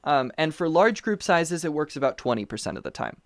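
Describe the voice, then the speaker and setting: Casting note: animated conversational guest on a remote call, mid-pitched, dry close sound, restless and rambling. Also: brisk, dry recording. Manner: animated storyteller, frequent fillers and restarts. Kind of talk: casual conversational chat. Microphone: remote call mic.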